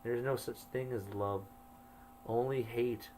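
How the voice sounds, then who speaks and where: A man's voice: medium pitch, steady tone, a little slow, darkish tone, a little hiss or hum, poor audio. A man telling his own story, reading his old journal entries aloud and adding wry asides. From Canada.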